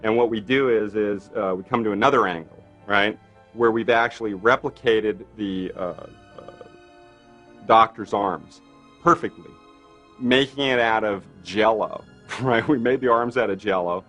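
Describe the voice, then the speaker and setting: A man, a makeup effects artist, tells a behind-the-scenes story in an animated way, full of "you know" and "right?". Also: fairly low pitch, measured pace, faint music behind. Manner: animated storyteller, acts out others' lines, many fillers. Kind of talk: interview anecdote.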